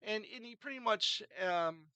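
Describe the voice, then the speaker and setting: Guy rambling thru a movie review, smooth clear voice, kinda high, lots of uhs. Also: normal speed, no echo, rough recording. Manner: rambling, many fillers and restarts, animated retelling. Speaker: film reviewer. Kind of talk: casual film review retelling scenes.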